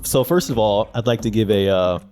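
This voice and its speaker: Chatty podcast host, rambling storyteller. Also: male voice, on the low side, fairly quick, a little mellow, soft background music. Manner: storytelling, many fillers and restarts. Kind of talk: casual chat.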